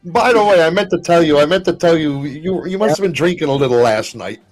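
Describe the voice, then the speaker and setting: A man's voice: on the high side, animated, brisk. A man chatting casually as a podcast guest, laughing often, swearing freely and repeating his words. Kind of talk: casual chat.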